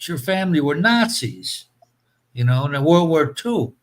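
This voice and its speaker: A man's voice: a little high, big pitch swings, measured pace, slight background noise, rough recording. A man hosting a casual show, rambling through profane anecdotes full of fillers.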